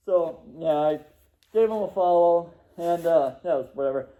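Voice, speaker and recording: Casual young guy, high voice, chatty storytelling, muffled lo-fi recording. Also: normal speed. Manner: rambling, laughing, acts out quotes.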